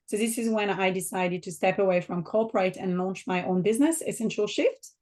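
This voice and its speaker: French woman in her 40s, thick-ish french accent, guest on a podcast, slow and thoughtful. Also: mid-range voice, darkish tone. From south of France. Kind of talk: conversational interview answers.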